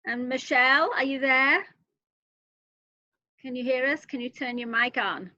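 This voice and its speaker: A woman's voice: sits high, fairly even intonation, unhurried, bright, forceful tone, no echo. A woman hosting an interview over a video call, upbeat and moderating between guests. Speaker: host. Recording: dull, dry lo-fi sound.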